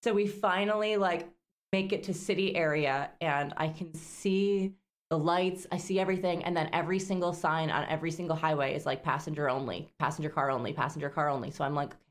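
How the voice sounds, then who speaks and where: Young woman, podcast co-host, casual rambling story, full of "like" and "um", lowish voice. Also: brisk. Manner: rambling, filler-heavy, laughing often.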